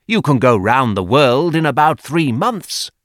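A man reading the part of a sceptical gentleman, questioning in a raised, doubtful voice. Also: mid-range voice, big pitch swings, unhurried, no echo, clean studio sound. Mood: doubtful, challenging. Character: doubting, argumentative gentleman at a club table. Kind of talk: audiobook character reading.

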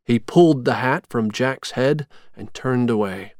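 A storyteller reading a storybook aloud in a slow, clear, expressive way. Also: medium pitch, dry recording, clean studio sound. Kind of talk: scripted storybook narration.

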